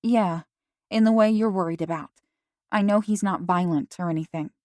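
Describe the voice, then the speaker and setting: A woman's voice: fairly low pitch, moderate pace, a little mellow, no echo, clean studio sound, lightly acted. A woman voicing a loyal teenage girl who talks in an insistent, raised and urgent way. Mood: subdued.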